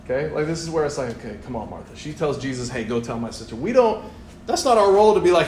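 A young man preaching a sermon in a church, animated and playful, acting out voices as he tells the story. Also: fairly high pitch, fast talker, a little hiss or hum. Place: church hall. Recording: echoey church room, faint ambience.

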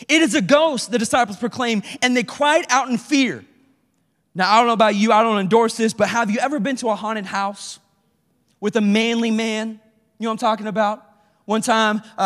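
A young adult man preaching a sermon, telling stories animatedly and acting out voices with sudden yells. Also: very high voice. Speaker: pastor. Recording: long hall reverb.

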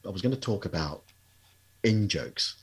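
Low, husky-voiced male podcast host. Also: lively intonation. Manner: measured, asks questions. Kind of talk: casual interview chat.

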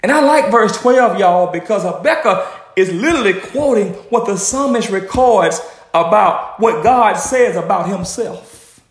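Male preacher, high and lively, rhythmic repeats, echoey sanctuary. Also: unhurried. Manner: animated, rhythmic preaching with repetitions and acted quotations. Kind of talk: sermon.

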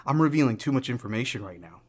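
A man's voice: medium pitch, animated, quick pace. A young adult man hosting a casual solo podcast, rambling through tangents in a joking, self-deprecating way. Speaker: podcast host.

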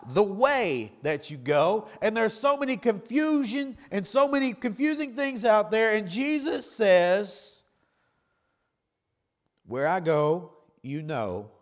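A man, preaching to his church in a fairly high voice. His delivery is emphatic, dropping to hushed asides and then rising to loud cries. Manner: emphatic preaching that swings between quiet low asides and loud raised cries. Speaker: pastor. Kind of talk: sermon.

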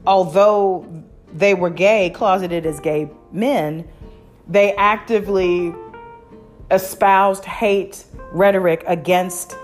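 A woman hosting a podcast in casual chat, candid and opinionated, with frequent fillers and restarts. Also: mid-range voice. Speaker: podcast host.

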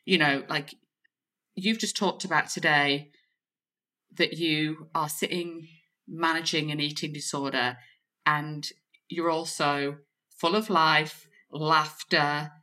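A woman's voice: low voice, fairly even intonation, takes it slowly. A woman hosting a podcast as a confidence coach, speaking in an affirming, encouraging way. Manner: warm, affirming coaching talk. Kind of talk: casual chat.

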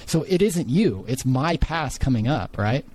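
A man's voice: mid-range voice, animated, unhurried, a little mellow, rough recording. Earnest man musing at length. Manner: earnest, searching, speaks in long winding phrases. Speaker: podcast guest, life coach. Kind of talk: reflective conversational explanation.

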